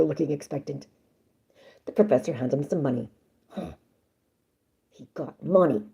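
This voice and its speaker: A woman's voice: low-pitched, moderate pace, creaky, long pauses, dark tone, dull audio. A woman reading a story aloud on a live stream in a chatty, playful way, breaking off for jokes and asides. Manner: chatty, playful, swears and jokes between passages.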